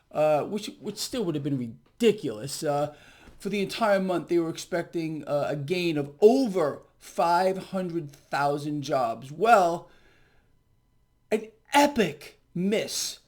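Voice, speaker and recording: A man's voice: on the high side, a little mellow. A man hosting his own market commentary vlog, talking in an emphatic, indignant way and repeating his points.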